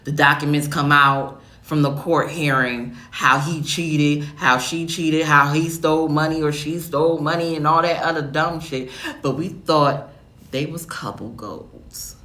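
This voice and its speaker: A man's voice: on the high side, steady tone, unhurried, sharp tone. A man giving earnest, slangy relationship advice in a casual talk.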